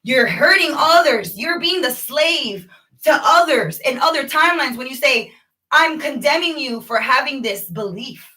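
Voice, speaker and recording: Woman vlogger, bright tense voice, slightly high, animated rambling spiritual talk, a bit off-mic. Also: unhurried, recorded from a distance, poor audio. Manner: animated, rambling, preachy, calls the viewers "y'all". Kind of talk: casual spiritual monologue to viewers.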